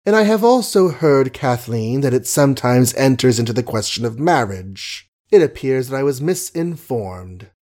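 A man reading an audiobook, voicing a cynical gentleman poseur who speaks in an ironic, lofty, theatrical manner. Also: medium pitch, very animated, normal speed, hardly any pauses, natural voice.

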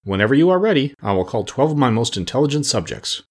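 A man's voice: medium pitch, sing-song, fast talker, slightly rough. A man putting on a tiny, demure mouse queen. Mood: gracious. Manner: demure, gracious.

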